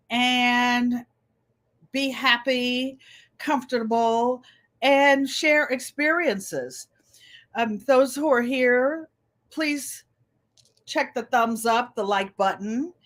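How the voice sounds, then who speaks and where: An older woman hosting a live stream, chatting warmly with viewers and telling family stories. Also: a little high. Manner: chatty, storytelling, greets viewers by name. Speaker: host.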